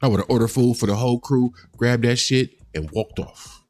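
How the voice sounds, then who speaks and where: A man hosting a reaction livestream, ranting in casual, profane commentary with lively, heated emphasis. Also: mid-range voice, normal speed, no echo, soft background music.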